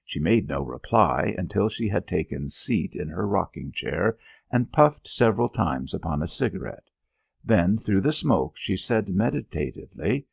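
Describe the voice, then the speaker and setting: A man narrating an audiobook in an expressive storytelling manner. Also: deep voice, moderate pace, creaky, slightly rough, no room sound, lo-fi sound. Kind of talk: scripted narration.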